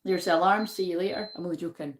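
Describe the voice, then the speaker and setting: A woman's voice: on the low side, fairly even intonation, fast talker, a little hiss or hum. A woman with a Glaswegian accent hosting a spiritual card-reading live stream in a chatty, self-deprecating way, laughing often and talking back to her viewers. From Scotland. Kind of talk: casual live-stream chat with verse reading.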